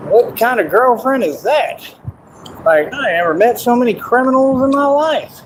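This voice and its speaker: A man's voice: very high-pitched, expressive, moderate pace. A man ranting on his livestream, mocking and boastful, and laughing at his own jokes. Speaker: streamer. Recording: noisy background hiss.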